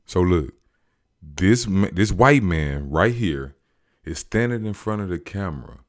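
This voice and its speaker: Deep-voiced man, slangy animated recap. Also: a little slow. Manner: animated, slangy, acts out quotes. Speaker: show recapper. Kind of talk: casual storytelling recap.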